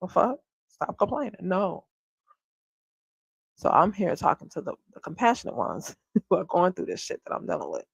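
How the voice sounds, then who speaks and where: A woman livestreaming from home, a homeschooling mom speaking bluntly and swearing freely as she vents to her viewers. Her voice is husky and gravelly. The sound is dry and close, with little room echo. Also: on the low side, very animated, normal speed, long pauses, dull audio. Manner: candid and venting, swears freely; talks straight to viewers, often asks if they follow her. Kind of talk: casual livestream chat.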